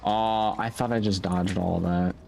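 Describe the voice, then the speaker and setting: A man giving relaxed, unbothered commentary while playing a video game. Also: low voice, a little slow, creaky, soft background music. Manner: laid-back, unbothered remarks while playing. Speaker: gaming channel host. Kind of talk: casual gameplay commentary.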